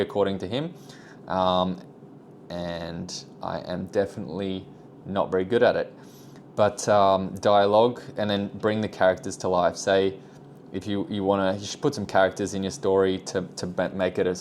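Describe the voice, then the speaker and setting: A young man with a low, deep voice chats casually on a vlog about speaking better. He rambles, restarts and drifts into self-deprecating asides, with faint room noise behind him. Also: fairly even intonation, normal speed, a little mellow. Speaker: vlogger.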